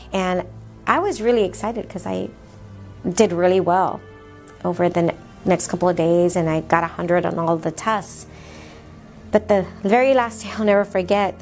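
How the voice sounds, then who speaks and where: A woman recounts her own story in a candid, earnest way, acting out conversations as she goes. Her voice sits a bit low and has a gravelly fry. Faint music plays underneath. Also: a little mellow. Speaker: speaker telling her life story. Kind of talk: personal storytelling talk.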